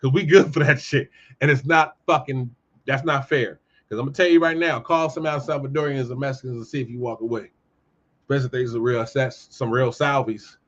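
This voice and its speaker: A man hosting a casual commentary monologue, heated and ranting, jumping from loud outbursts to low muttering. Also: fairly even intonation, brisk. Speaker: commentary host. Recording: dull lo-fi audio.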